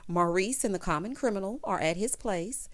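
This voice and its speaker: A woman giving a sassy, animated recap of a TV episode, calling listeners honey and child. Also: mid-range voice, normal speed. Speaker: TV recap host. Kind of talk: casual recap commentary.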